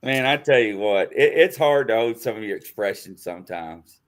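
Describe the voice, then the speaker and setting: Hosting a casual live-stream chat show, a man with a fairly low, expressive voice talks at a moderate pace. He laughs frequently and spells out names while typing.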